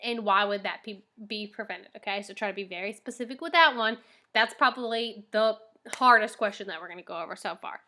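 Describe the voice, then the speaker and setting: A woman's voice: mid-range voice, brisk, pushed and bright. A woman teacher giving a recorded lesson, reading documents aloud and patiently explaining each question to her class.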